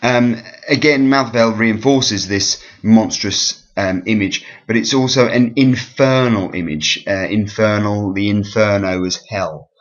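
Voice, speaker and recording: Man, teacher, low voice, revision lesson, ums and self-corrections, dull lo-fi recording. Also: a little slow, hardly any pauses. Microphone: voice-over over slides.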